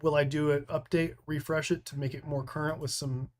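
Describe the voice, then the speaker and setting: A man's voice: a little high, flat delivery, a little fast. A man from the United States with an American accent, hosting a live training stream, reading out viewer comments and answering them in a loose, rambling way. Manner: rambling, full of restarts and fillers.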